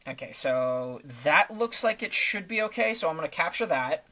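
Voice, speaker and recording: A man's voice: fairly high pitch, lively intonation, moderate pace, pushed and bright. A man casually commenting while he works on a live stream, thinking aloud with lots of fillers and restarts. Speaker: streamer making thumbnails.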